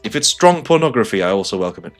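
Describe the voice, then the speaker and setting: A man's voice: on the low side, very animated, quick pace, faint music behind. A man streaming a game live, chatting casually with sarcastic jokes and frequent laughs. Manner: joking, laughs often, sarcastic asides.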